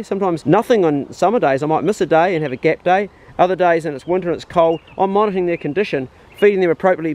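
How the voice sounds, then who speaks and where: Chatty male dog trainer, outdoors. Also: low-quality recording. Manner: chatty, explaining as he goes; high-pitched calls and praise to the dog. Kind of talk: casual outdoor training demo. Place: outdoors on rural land.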